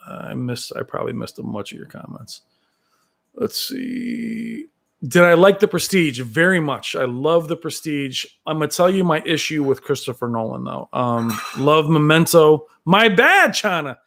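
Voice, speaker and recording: A man on a home live stream, reading viewer comments and riffing on them in a loose, rambling way. His voice sits a little high for a man and swings widely in pitch as he gets excited. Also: vocal fry. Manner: rambling, excitable, with frequent fillers.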